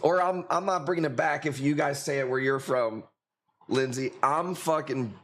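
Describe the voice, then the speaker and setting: Speaking at a moderate pace in a slightly high voice, the Chicago-accented host of the coral-sale livestream keeps the chat laid-back. He cusses and laughs a lot, and a little background noise is present.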